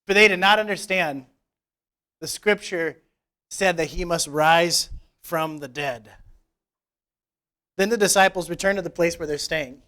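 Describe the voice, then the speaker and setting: High-voiced man preaching casually. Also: a little slow, pauses often, bright, forceful tone. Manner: casual, joking asides while retelling scripture. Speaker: pastor. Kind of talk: conversational Easter sermon. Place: church service.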